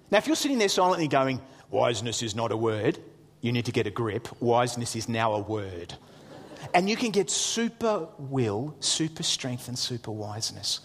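A middle-aged man, a pastor telling funny stories in a sermon, animated and excitable with jokey asides. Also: mid-range voice, long reverb tail, a little hiss or hum. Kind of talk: humorous storytelling sermon.

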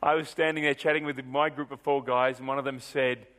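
A middle-aged male pastor telling a story in a sermon, animated and shifting between brisk and drawn-out delivery. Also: mid-range voice.

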